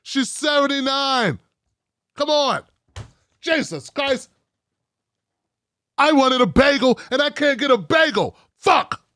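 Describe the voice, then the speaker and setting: A petulant, grumbling TV viewer, put on by a man who whines in a high, exasperated voice. The sound is dry and close, with sarcasm in every complaint. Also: lively intonation, takes it slowly, long pauses, pushed and bright, dry recording, full character voice. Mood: whining. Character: whiny petulant bigoted male TV viewer.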